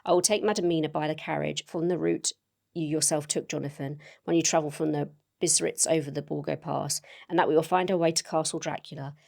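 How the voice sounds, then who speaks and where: A woman reading aloud the lines of an elderly male professor, calm and wise, in a gamebook, with earnest, measured delivery of formal old-fashioned speech. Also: low-pitched, vocal fry. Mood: solemn.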